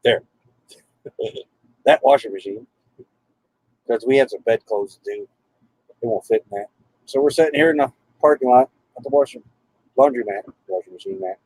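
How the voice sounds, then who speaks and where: A man's voice: medium pitch, moderate pace, long pauses, darkish tone, husky, dry recording, low-quality recording. A man on a casual live stream from his RV in a parking lot, greeting viewers by name and talking to his dogs. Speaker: RV travel vlogger.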